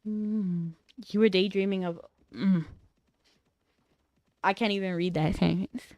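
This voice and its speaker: A woman's voice: mid-range voice, fairly even intonation, a little slow, a little mellow, no room sound. A young woman chatting casually on a livestream, playful and teasing as she banters with her chat.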